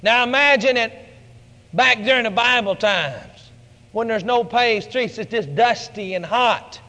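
A man preaching a sermon, telling the story dramatically and building to shouted lines. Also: very high voice, a little slow, long reverb tail.

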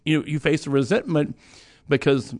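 Speaking at a normal speed in a voice on the high side, darkish in tone and fairly even in intonation, a middle-aged host chats casually, rambling, restarting, using fillers and occasionally chuckling.

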